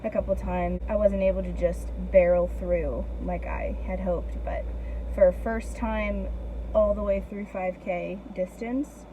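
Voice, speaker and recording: A young woman vlogging to her camera in casual chat, upbeat and quick to laugh, filming herself outdoors on a walk. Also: medium pitch, fairly even intonation, mellow, a little hiss or hum, rough recording. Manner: chatty and upbeat, laughs often.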